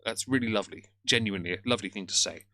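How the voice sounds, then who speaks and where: A man with a lowish, pushed, bright voice talks very fast while hosting a casual live stream. Rambling and chatty, he reacts to things, greets his chat by name, and stammers over his words at times.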